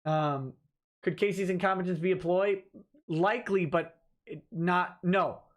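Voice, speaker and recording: Male lawyer host, high-pitched, casual livestream chat, dry short answers. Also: fairly even intonation, a little slow. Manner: dry, offhand replies to chat. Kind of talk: casual livestream chat reading viewer comments.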